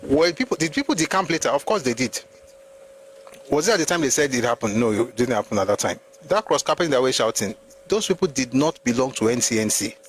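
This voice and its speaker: A Nigerian-accented man hosts a live history talk at a mid pitch. He argues hard, firing off rhetorical questions and answering them himself. A faint noise sits under his voice. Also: lively intonation, fast talker, low-quality recording. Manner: argumentative, full of rhetorical questions. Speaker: host.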